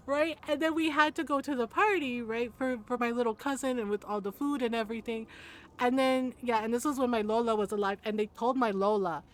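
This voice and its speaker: A woman's voice: on the high side, fairly quick. A woman streamer telling a family story in a casual way on her live stream, laughing often and asking "right?" after her lines. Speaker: gaming streamer.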